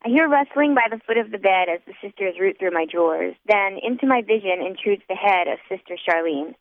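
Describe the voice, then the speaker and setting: A woman narrating a first-person audiobook in a wry, measured way. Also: medium pitch, animated. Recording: dry, tinny phone-like sound.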